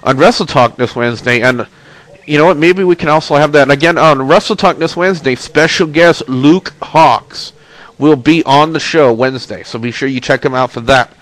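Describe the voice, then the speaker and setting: A man's voice: fairly high pitch, moderate pace, a bit bright, low-quality recording. Congested, chatty webcast host, a man. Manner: chatty, plugs links and reads chat. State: congested, stuffy nose. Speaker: host of a wrestling and video game webcast. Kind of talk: casual webcast talk. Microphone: webcam mic.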